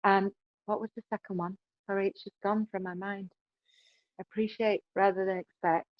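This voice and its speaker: A woman talks through relationship advice as a podcast guest, driving her points home and tagging many of them with "right?". Her voice sits at an everyday middle pitch. The sound is muffled and lo-fi, with no room echo at all. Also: little pitch movement, normal speed. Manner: emphatic, keeps adding "right?".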